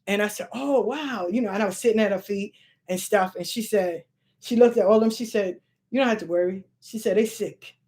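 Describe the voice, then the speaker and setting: A middle-aged woman who hosts a spiritual channel tells a long personal story at a slightly fast clip and medium pitch. Her talk is casual, animated and profane, and she slips into the voices of the people she quotes.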